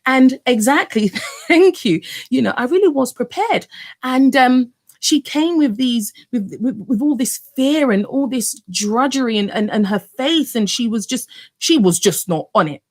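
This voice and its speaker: A woman in her thirties telling her own birth story to camera, animated, often repeating words and addressing viewers directly. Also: high voice, unhurried. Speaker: vlogger.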